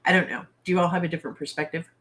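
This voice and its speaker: A woman's voice: lowish voice, steady tone, rapid-fire, a bit bright. A woman hosting a casual livestream from home, talking bluntly with exasperated, salty humor to her viewers. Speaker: livestream host.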